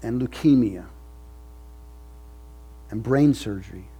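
A man's voice: medium pitch, takes it slowly, warm tone, breathy edge, dull audio. A male pastor preaching a sermon with an emphatic, repetitive cadence.

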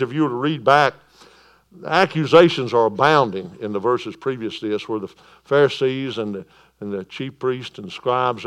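A male pastor preaches a sermon in church. His voice is naturally loud and sits in a middle pitch. He swings between emphatic, ringing proclamation and softer, calmer stretches.

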